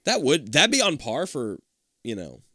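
A man's voice: medium pitch, normal speed, breathy edge, no room sound, studio quality. A man casually reading a children's book aloud, breaking off into crude, laughing comedy asides. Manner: animated, swearing, laughing asides.

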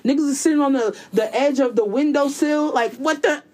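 A woman's voice: sits high, fairly quick, darkish tone. A young woman in casual chat, blunt and slangy.

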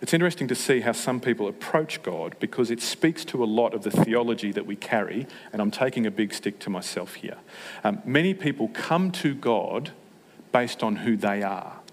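Preacher in a reverberant hall. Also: male voice, lowish voice, normal speed. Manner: humorous, self-mocking, with animated asides. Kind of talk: sermon.

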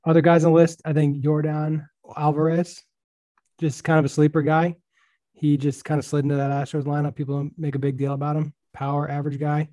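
A man hosting a casual baseball podcast, chatting in a relaxed way with lots of fillers. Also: fairly high pitch, fairly quick, no room sound. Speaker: podcast host.

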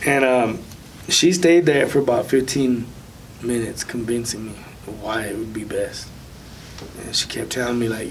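Man, interview guest, casual soft-spoken testimony, mid-pitched voice, mic a bit far off, faint rumble behind. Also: fairly even intonation, moderate pace. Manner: casual, soft-spoken storytelling with light nervous laughs. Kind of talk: personal faith testimony.

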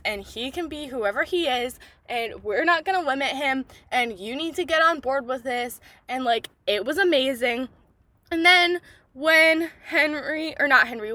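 A young woman hosting a podcast, gushing excitedly about a book in casual chat, swearing freely and saying "like" a lot. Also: high-pitched, dry recording. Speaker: podcast host.

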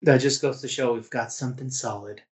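A man's voice: medium pitch, steady tone, fairly quick. A young man co-hosting a casual podcast, teasing with playful quips. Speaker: podcast co-host. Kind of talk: casual chat.

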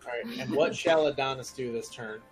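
A man's voice: mid-range voice, music in the background. Man running a tabletop game as game master. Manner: loose, halting narration with fillers.

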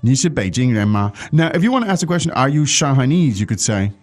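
A man hosting a language lesson, explaining points in a relaxed way with frequent fillers. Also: medium pitch, fast talker. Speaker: language teacher and host.

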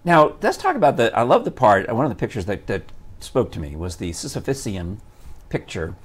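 A man hosts a morning show with a playful, joking manner. His voice moves a lot in pitch as he talks, lively and animated. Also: fairly quick, breathy edge. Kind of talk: casual morning show chat.

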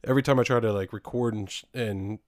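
A man's voice: fairly low pitch, fast talker, a little mellow, no echo, studio quality. A man co-hosting a casual podcast, rambling with frequent laughs and casual swearing. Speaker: podcast co-host.

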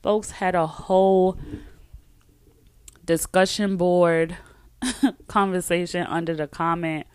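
A woman with a lowish voice talks on her own as a podcast host. She is chatty and emphatic, and she trails off and starts over. The sound is close and dry, with no room around it. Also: fairly even intonation, takes it slowly, pauses often, smooth, dry recording. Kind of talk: casual solo talk with a read sponsor ad.

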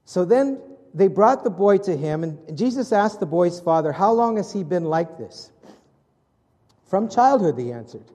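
Pastor preaching in a reverberant hall. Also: male voice, high-pitched, expressive, normal speed, few pauses. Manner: conversational, asks the congregation questions, voice drops soft for prayerful moments. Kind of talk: sermon. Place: church hall with congregation.

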